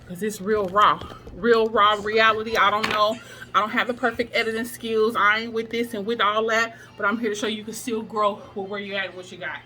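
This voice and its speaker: Her medium-pitched voice stays steady, brisk, and sharp as this plus-size vlogger motivates viewers through a workout. Sassy and preachy, she hammers her points, laughs a lot, and occasionally runs short of breath mid-exercise; the mic is far off and music plays underneath.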